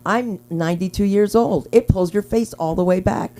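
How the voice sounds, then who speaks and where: A woman's voice: medium pitch, normal speed. A woman hosting an open mic on a small comedy club stage, telling rambling stand-up stories in a brash voice into a handheld mic. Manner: brash, rambling, swings into loud character voices.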